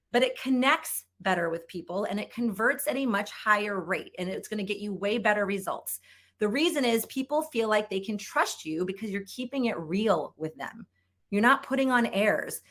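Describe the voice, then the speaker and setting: A woman's voice: fairly high pitch, fairly bright tone. A middle-aged woman giving an upbeat, emphatic conference talk on sales writing as a trainer, repeating points for effect.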